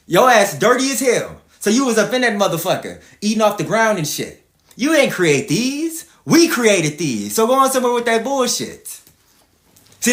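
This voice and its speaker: A man's voice: sits high, fairly bright tone, roomy sound. A man from Atlanta, hosting a livestreamed rant in a profane, combative way and repeating himself. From Atlanta, Georgia, US. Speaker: livestream host.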